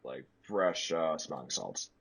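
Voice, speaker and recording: A man's voice: takes it slowly, creaky, breathy edge. A young man in his twenties hosting a podcast, telling stories in casual chat. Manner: animated storyteller, leaps way up in pitch for quoted shrieks. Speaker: podcast host.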